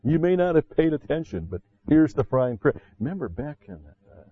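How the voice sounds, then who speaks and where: A man's voice: on the high side, sing-song, moderate pace, phone-quality sound. A man preaching a sermon as pastor, talking conversationally with frequent "see" asides and rising emphatically when he quotes scripture.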